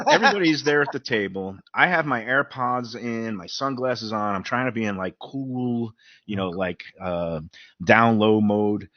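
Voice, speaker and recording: A man with a Brooklyn accent hosting a show, telling stories in a casual, animated, mouthy way. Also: mid-range voice, dry recording. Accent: Brooklyn New York. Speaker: host. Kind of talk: casual chat. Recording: dull lo-fi sound, dry.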